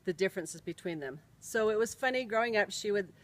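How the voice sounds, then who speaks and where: A middle-aged woman shares a personal story in an unhurried storytelling voice. Her pitch sits in an everyday middle range, and she spells out letters and words one at a time, carefully. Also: expressive, rough recording.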